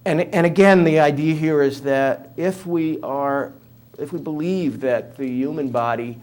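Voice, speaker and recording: A man's voice: fairly high pitch, a little slow, a little mellow. Older man with a New York accent. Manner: humorous storyteller, conversational with fillers. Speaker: author and guest speaker. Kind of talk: interview talk, anecdotal.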